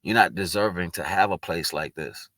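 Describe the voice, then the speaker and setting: This man shares personal reflections as a vlogger, his voice sitting low with a sharp tone at normal speed and no room sound. His casual monologue rambles, earnest and spiritual, with frequent restarts and moments of tears.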